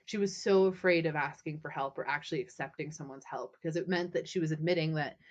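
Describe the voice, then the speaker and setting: Woman podcast guest, low-ish voice, animated chatty storyteller, muffled lo-fi recording. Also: fast. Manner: animated, heavy use of "like". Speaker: guest author.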